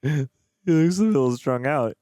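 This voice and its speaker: A man hosting a movie reaction, chatting casually, laughing often and cracking quick jokes. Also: fairly high pitch, expressive, background noise. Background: movie soundtrack playing.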